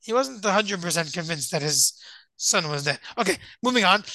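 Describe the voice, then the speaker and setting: Rabbi leading a verse-by-verse class; bright, forward tone, poses questions and answers them, dry close sound. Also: male voice, on the high side, expressive, fairly quick, dry recording, poor audio. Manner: thinks aloud, asks and answers his own questions; reads Hebrew verse then translates it. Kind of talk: Torah class explaining verses.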